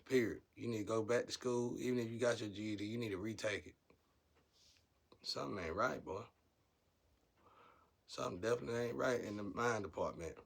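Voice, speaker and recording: Man, low voice, casual spiritual monologue, rambling, blunt, preachy, rises to heated outbursts. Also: brisk, gravelly, long pauses.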